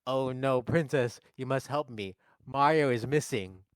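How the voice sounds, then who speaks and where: A man's voice: mid-range voice, unhurried, dry recording, natural voice. Man playing a timid, jumpy plumber, close-miked comedy podcast. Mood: nervous.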